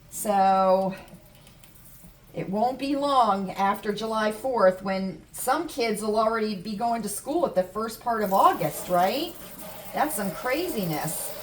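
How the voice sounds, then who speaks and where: A middle-aged American woman vlogger telling stories and chatting casually to her viewers, repeating herself for emphasis. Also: a little high. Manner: chatty, animated storytelling with repetitions. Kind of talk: casual chat to camera. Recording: distant mic with faint room noise.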